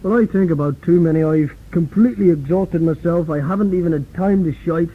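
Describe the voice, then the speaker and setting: A man's voice: on the high side, brisk, slightly rough. A man playing a weary male celebrity guest who rambles crudely. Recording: phone-like lo-fi tape.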